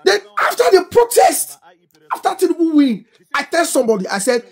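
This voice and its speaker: A middle-aged woman with a Nigerian Pidgin English accent, delivering impassioned political commentary in an animated, scolding way, full of rhetorical questions. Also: high voice, fairly quick. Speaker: social media commentator.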